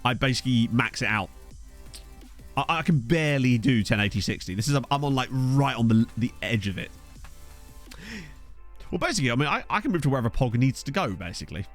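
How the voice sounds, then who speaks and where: Chatty streamer with a lively voice. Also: male voice, medium pitch, a little fast, pauses often, soft background music. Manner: rambling, chatty, addresses viewers. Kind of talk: casual live-stream chat while playing. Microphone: desktop USB mic.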